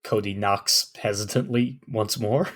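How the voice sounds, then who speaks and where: A man's voice: on the low side, steady tone, measured pace. Earnest, hesitant tabletop player man. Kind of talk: playing a tabletop game.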